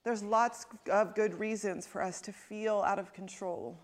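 A woman giving a sermon, talking in a conversational way, asking the listeners questions, and dropping to a soft, quiet voice for emphasis. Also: medium pitch, fairly even intonation, measured pace. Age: adult parent. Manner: conversational, asks the congregation questions. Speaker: pastor.

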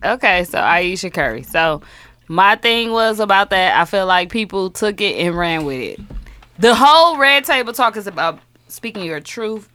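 A woman in a casual group conversation, telling stories with animated, laughing delivery. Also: mid-range voice, normal speed.

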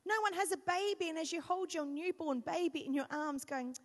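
Woman pastor, high voice, animated sermon storytelling, joking at herself, long reverb in a church hall. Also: a little fast, few pauses. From Australia. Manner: animated storytelling, self-mocking humor.

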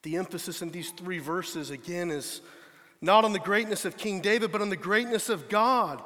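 Pastor guy preaching, kinda high voice, earnest and emphatic, long echo off the hall. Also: normal speed, bright, forceful tone. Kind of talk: sermon.

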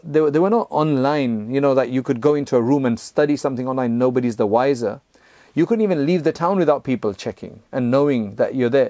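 Studio-quality and echo-free, this mellow, mid-range male voice belongs to an Islamic teacher. He explains his religious lesson conversationally, step by step, often checking in with "right?" and "you know" and sometimes breaking into chanted Arabic verses.

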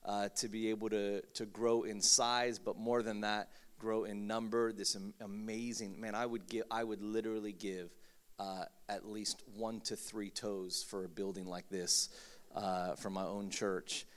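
A man's voice: lowish voice, level tone, measured pace, clean tone. A man in his thirties preaching a sermon, joking and mocking himself, with many fillers and restarts. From Philippines. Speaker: pastor. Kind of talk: humorous sermon.

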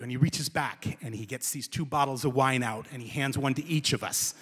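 A man telling a comic personal story to a live audience, lively and emphatic. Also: mid-range voice, a little fast, hardly any pauses, husky, in a large hall.

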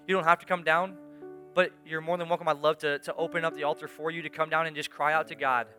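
A man's voice: fairly high pitch, little pitch movement, fast talker, music in the background. A male pastor preaching a sermon in church, earnest and urging, often repeating phrases for emphasis. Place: church sanctuary.

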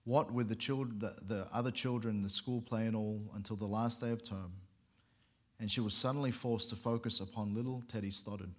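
Pastor, male, lowish voice, sermon story, earnest delivery with small self-corrections. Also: fairly even intonation, moderate pace. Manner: earnest storytelling with occasional restarts.

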